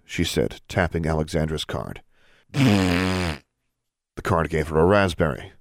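A man reading an audiobook in steady, measured narration. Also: very deep voice, no echo, studio quality. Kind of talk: scripted narration.

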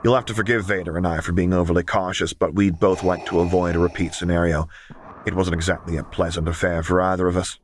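A man narrating a fan fiction audiobook in a steady, measured storytelling manner. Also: sits low, slight background noise. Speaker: audiobook reader.

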